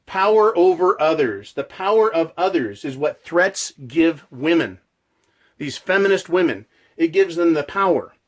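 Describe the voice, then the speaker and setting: A man's voice: fairly high pitch, animated, unhurried. A man delivering a passionate, profane ranting monologue as a channel host.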